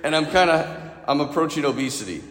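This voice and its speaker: A man's voice: on the high side, expressive, a little fast, fairly bright tone, slight background noise. A male priest preaching a sermon, sharing a personal story and asking the congregation direct questions. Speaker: Catholic priest. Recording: echoey hall with long reverb.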